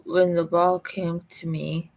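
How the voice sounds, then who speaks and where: A woman from Colorado, telling a personal story in a halting way, close to tears. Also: on the low side, little pitch movement, a little mellow. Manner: slow, halting, emotional recollection.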